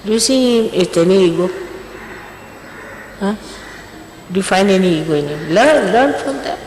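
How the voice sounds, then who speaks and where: A woman's voice: medium pitch, lively intonation, moderate pace, a little mellow. Older lady teacher telling off her followers, repeats herself, echoey hall, long reverb. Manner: scolding, emphatic, repeats herself. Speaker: spiritual teacher addressing followers. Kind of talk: informal exhortation before a ceremony. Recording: echoey hall, faint hiss, old tape.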